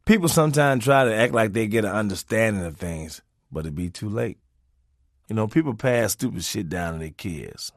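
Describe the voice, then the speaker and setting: A man's voice: animated, moderate pace, no room sound, studio quality. Profane man narrating a comic memoir. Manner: profane, preachy, swinging pitch for emphasis.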